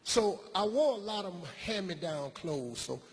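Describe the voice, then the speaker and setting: A man doing stand-up comedy, telling a childhood story in a profane, animated way and acting out the people in it. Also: sits high, a little slow, slightly rough, long reverb tail. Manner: profane, animated, acts out characters.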